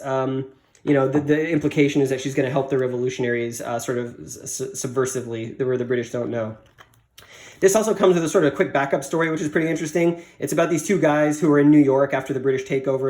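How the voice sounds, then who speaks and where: Casting: quick male comic reviewer, casual and rambling, mid pitch. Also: darkish tone. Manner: rambling, many fillers and restarts.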